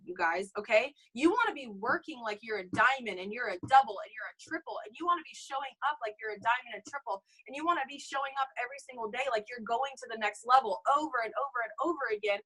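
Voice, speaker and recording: A young woman giving an energetic motivational talk to her sales team, calling out "you guys" and "okay?" all the time. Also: fairly high pitch, quick pace, hardly any pauses, slightly rough, poor audio. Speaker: network marketing team leader.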